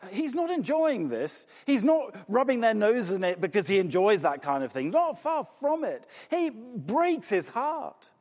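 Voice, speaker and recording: A man preaches in a large church hall, his voice high and sweeping up and down as he stresses words. He asks rhetorical questions and repeats key phrases, and a long hall reverb trails each line. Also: sing-song, unhurried, hardly any pauses, a little mellow. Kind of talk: sermon.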